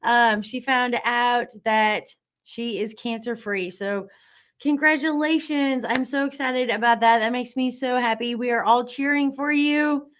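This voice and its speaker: A woman's voice: fairly high pitch, steady tone, measured pace, a bit bright. Bubbly woman hosting an online class. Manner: bubbly and encouraging, many fillers. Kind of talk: live class reading viewer comments.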